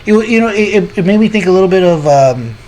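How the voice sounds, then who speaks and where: Higher-voiced man chatting casually. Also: expressive, fast, darkish tone, a little hiss or hum. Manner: rambling, restarts often, thinks aloud. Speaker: podcast co-host. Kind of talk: casual film review chat.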